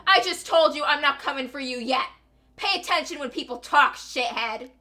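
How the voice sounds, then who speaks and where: A woman's voice: high-pitched, expressive, moderate pace, pushed and bright, voice pushed up. A woman voicing a gloating male ex-convict villain. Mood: sneering. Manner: taunting, sneering, mock-sweet then snarling. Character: vengeful male ex-convict, gleeful and menacing. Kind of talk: reading a game aloud with voices.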